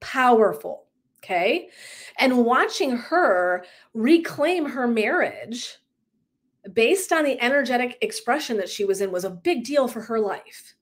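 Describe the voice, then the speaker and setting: A woman's voice: fairly high pitch, unhurried. A woman wellness coach talking live to her viewers, candid and emphatic, swearing casually and acting out stories as she goes. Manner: animated storyteller who acts out clients' lines. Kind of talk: livestream talk to viewers.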